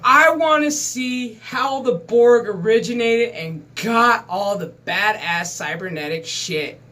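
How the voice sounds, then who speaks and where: A man's voice: high-pitched, slow, bright, forceful tone. Give me an exasperated, foul-mouthed man in his thirties hosting his own channel and venting at length. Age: 30s. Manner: profane, exasperated, emphatic. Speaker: gaming channel host. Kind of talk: casual ranting monologue.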